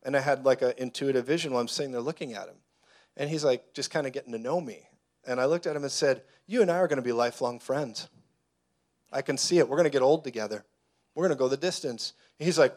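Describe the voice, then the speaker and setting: A man's voice: a little high, brisk. A man preaching a sermon, telling personal stories and acting out the voices of the people in them. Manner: animated storyteller who acts out dialogue. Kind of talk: sermon teaching.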